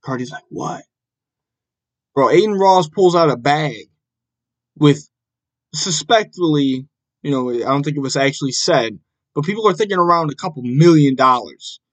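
A young man hosting a casual solo podcast, ranting with a lot of profanity and an exasperated tone, and jumping up into shouts. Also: a little high, expressive, moderate pace, rough recording. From Buffalo, New York area. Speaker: podcast host.

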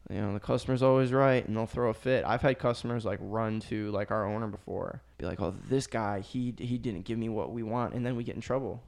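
A man's voice: on the low side, fairly quick, gravelly, hardly any pauses. A young man, a restaurant server, telling work stories in casual chat and swearing often. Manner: animated storyteller, swears often.

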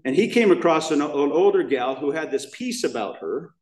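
A man with an American accent tells his own story at a recovery meeting, candid and emotional, circling back through restarts. His voice sits a touch high for a man. The sound is roomy, like a church hall, and he stands some way from the mic. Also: lively intonation, normal speed, a little mellow, recorded from a distance. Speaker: main speaker at a recovery meeting. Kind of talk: personal testimony talk.

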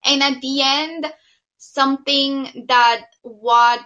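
A woman co-hosting a podcast in casual chat, talking in a warm, chatty way with many fillers. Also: high voice, fairly even intonation, takes it slowly, lo-fi sound. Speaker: podcast co-host.

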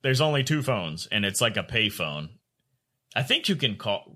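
A man's voice: on the low side, big pitch swings, moderate pace, pushed and bright. A man co-hosting a podcast, telling a crude story in casual chat, swearing and laughing often. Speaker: podcast co-host.

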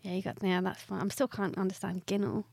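A young woman from southern England hosting a casual podcast chat, animated and giggly. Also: mid-range voice, quick pace, vocal fry, dry recording, studio quality. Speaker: podcast host.

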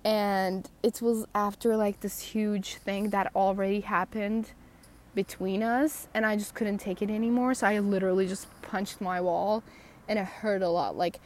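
A woman's voice: mid-range voice, fairly even intonation, moderate pace. Woman, podcast host, casual ramble, sarcastic, self-mocking, outdoors, phone mic. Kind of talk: rambling personal podcast talk. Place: outdoors, walking at night.

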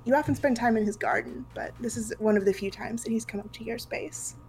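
A woman narrating as game master of a tabletop role-play, relaxed and quick to laugh. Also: a little high, a little hiss or hum, rough recording.

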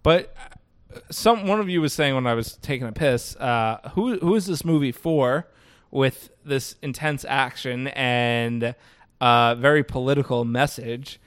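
A man's voice: mid-range voice, a little slow, a bit bright, clean tone, dry recording. A man co-hosting a film podcast, ranting casually with lots of swearing and jokes. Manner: profane, ranting, jokey. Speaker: podcast co-host.

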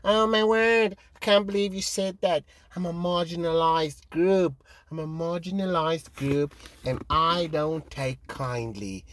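A man mocking a shrill, easily offended complainer. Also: fairly even intonation, measured pace, fairly bright tone. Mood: indignant. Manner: mocking, exaggerated outrage.

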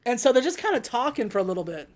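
A woman's voice: on the high side, big pitch swings, very fast, a little mellow. A woman co-hosting a casual chat, retelling a movie's scenes step by step and acting out the characters' lines. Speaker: podcast co-host.

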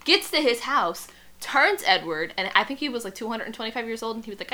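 A woman's voice: on the high side, lively intonation, fast talker, bright, forceful tone. A young woman co-hosting a casual podcast, recapping a plot with laughter and acted-out quotes. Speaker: podcast co-host. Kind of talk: casual chat, recapping a story.

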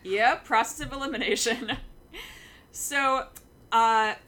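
A young woman co-hosting a casual podcast, telling a fan story with lots of filler sounds and excitement. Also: fairly high pitch, slow. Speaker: podcast co-host.

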